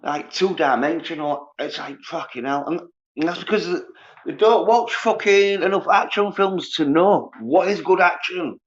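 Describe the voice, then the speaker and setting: A man's voice: a little high, moderate pace. A man, ranting scornfully and profanely on a casual livestream while reading viewers' comments. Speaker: livestream host. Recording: dull lo-fi sound.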